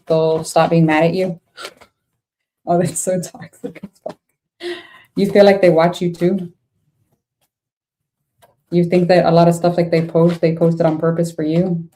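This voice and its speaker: A young adult woman gives a casual tarot reading to camera, reacting to the cards bluntly and with exasperation and swearing freely. Her voice is lowish and dark.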